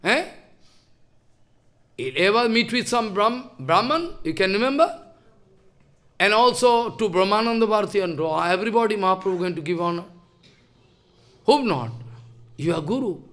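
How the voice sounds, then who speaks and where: A man's voice: sits high, lively intonation, normal speed, pauses often, a bit bright. A man giving a sermon as a spiritual teacher, emphatic and scolding, firing off rhetorical questions.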